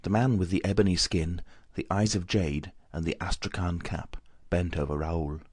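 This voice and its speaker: A man's voice: low-pitched, fairly even intonation, normal speed, a little mellow, breathy edge, dry recording, studio quality. A man narrating an audiobook, reading the dialogue with shifts for each character.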